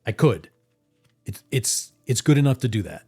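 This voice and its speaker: A man rambles through a casual live-stream chat in a middle-pitched voice, restarting his sentences and acting out his own reactions as he talks. Faint music plays underneath. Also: big pitch swings, moderate pace, mellow, slightly rough. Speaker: tarot deck artist hosting a live stream.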